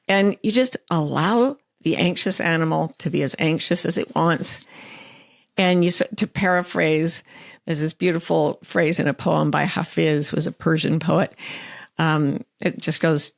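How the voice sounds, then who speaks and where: Gravelly, lower-voiced woman guest. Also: normal speed, dry recording, studio quality. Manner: earnest, animated storytelling with quoted self-talk. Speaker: author and life coach, guest. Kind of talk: interview conversation.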